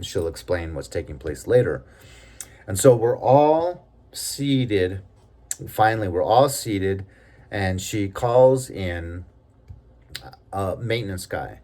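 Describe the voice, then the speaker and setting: Indignant low-voiced man telling a story. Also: darkish tone. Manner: indignant, rambling with fillers. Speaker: storyteller recounting a workplace experience. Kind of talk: casual personal storytelling.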